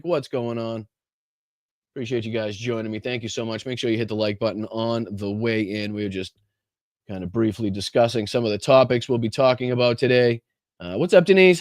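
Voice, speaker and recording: A man's voice: mid-range voice, dry recording, studio quality. A man hosting a casual political livestream, talking with lots of ums and uhs and greeting viewers in the chat by name. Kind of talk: casual live-stream commentary.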